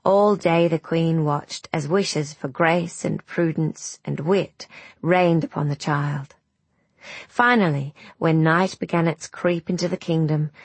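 A woman giving scripted storybook narration of a fairy tale, measured, gentle and deliberate. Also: low-pitched, breathy edge, no echo.

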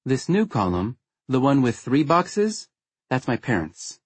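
A man voicing a witty young woman who lectures in a frank, lightly sarcastic way, with a husky tone. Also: medium pitch, big pitch swings, a little slow, no room sound, pitched above the performer's own voice. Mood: explaining playfully. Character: witty teasing young woman, blunt and playful.

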